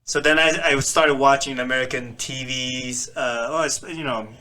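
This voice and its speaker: A man's voice: mid-range voice, moderate pace. A man in his forties from the Philippines, with a slight Filipino accent, co-hosting a casual podcast and telling stories with frequent laughter. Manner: laughs often, animated storytelling. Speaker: podcast co-host.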